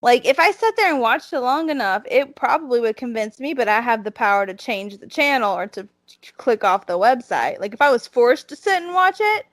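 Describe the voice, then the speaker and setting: A Southern woman co-hosts a podcast in loose, rambling chat, often restarting her sentences. Her voice sits a little high. The sound is dry and close. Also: expressive, a little fast, fairly bright tone, no room sound. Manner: chatty, with frequent restarts and "like". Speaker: podcast co-host. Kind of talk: casual chat.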